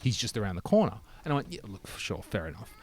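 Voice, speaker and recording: Telling a lengthy story in a relaxed chat, this man speaks quickly in a lowish voice, cursing freely and performing other people's lines with lively energy.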